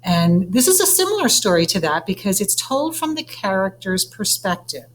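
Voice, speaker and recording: A woman teacher reading a children's novel aloud to her class at an unhurried pace, stumbling a little over unfamiliar names. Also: mid-range voice, very animated, a little hiss or hum.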